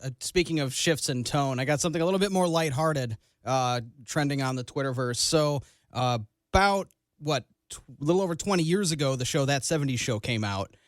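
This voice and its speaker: Radio producer, man, mid-pitch, dry studio mic, halting with fillers. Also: animated, dry recording. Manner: hesitant, many fillers. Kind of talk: casual radio talk.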